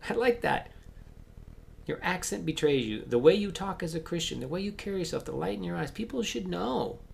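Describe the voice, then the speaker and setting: A man preaching a sermon as pastor, acting out Bible voices and swinging between loud emphasis and hushed asides. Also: high-pitched, animated, brisk, gravelly.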